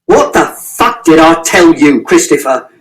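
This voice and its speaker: A man's voice: wildly swooping pitch, moderate pace, poor audio. A man voicing a stern, volatile middle-aged father who swears and grows furious, in an audiobook reading. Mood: angry. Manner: low, tight, swearing, fury building from a quiet start.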